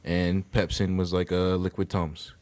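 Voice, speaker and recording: An easygoing man hosting a podcast, with a very deep, low-pitched voice. He talks casually and fills gaps with little fillers. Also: little pitch movement, a little slow, a little mellow. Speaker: podcast host. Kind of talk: casual chat.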